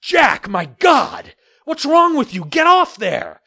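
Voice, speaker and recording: A man's voice: medium pitch, huge pitch swings, slow pace, creaky, pushed and bright, dry recording, clean studio sound, heavily acted. A man voicing a bewildered, nervous father in an audiobook, sounding astonished and unsure. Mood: alarmed. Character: bewildered middle-aged father. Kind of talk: audiobook character voice.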